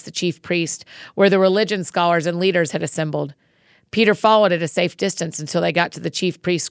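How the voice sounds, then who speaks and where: Lowish-voiced woman reading scripture and praying. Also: no room sound, studio quality. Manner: expressive reading, then soft informal prayer. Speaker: Bible reading podcast host. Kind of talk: scripture reading and spoken prayer.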